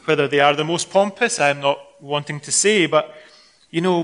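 A Scottish preacher with a fairly high voice delivering a sermon. He talks to the congregation conversationally and acts out scenes with lively expression. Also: normal speed. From Scotland.

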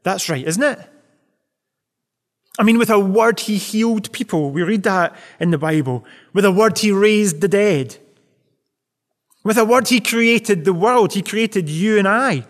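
A man's voice: high-pitched, a little slow, long reverb tail. A man preaching a sermon as pastor, earnest and full of rhetorical questions.

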